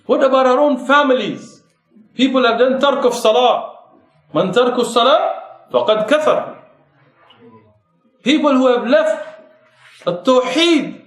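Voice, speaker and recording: Impassioned high-voiced male preacher, echoey hall. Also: lively intonation, a little slow, long pauses. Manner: impassioned, rhetorical questions, rising emphasis. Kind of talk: sermon. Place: mosque prayer hall.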